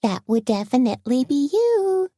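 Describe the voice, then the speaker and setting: A woman's voice: sits high, sing-song, moderate pace, warm tone, dry recording, studio quality, voice pushed up. A woman voicing a chatty, teasing small-town woman friend in an audiobook, raised and perky. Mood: gossipy.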